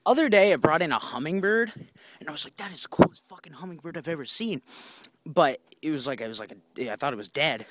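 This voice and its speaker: A man's voice: on the high side, lively intonation, fast talker, heavy background noise. A young man telling rambling stories outdoors while walking, swearing often and acting out what people said. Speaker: vlogger. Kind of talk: casual storytelling on a walk. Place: outdoors on a walk.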